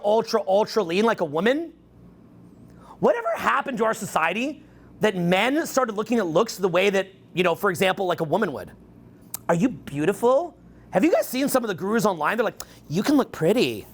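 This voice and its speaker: A man in his forties giving a crude, joking talk on stage to a live audience, rambling fast and breaking into mock voices and shouts. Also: high voice, creaky. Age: 40s. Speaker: dating coach speaking to a live audience. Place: event hall with an audience.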